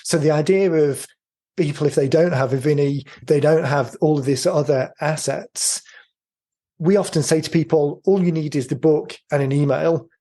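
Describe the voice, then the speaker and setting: A man hosting a business podcast interview, thinking out loud in long, winding questions. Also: fairly high pitch, moderate pace. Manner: rambling, thinks aloud. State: voice going hoarse. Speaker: podcast host. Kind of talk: casual interview.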